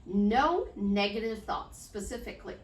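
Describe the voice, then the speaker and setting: A woman's voice: medium pitch, lively intonation, a little slow. A woman life coach chatting in an unedited, upbeat vlog, promoting herself and talking straight to her viewers. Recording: echoey room, distant mic.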